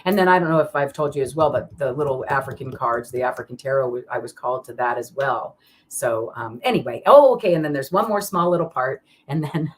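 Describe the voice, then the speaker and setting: Low-voiced, animated and fairly quick, a woman runs a live card-reading stream as casual chat. She rambles, restarts and uses many fillers while welcoming viewers by name.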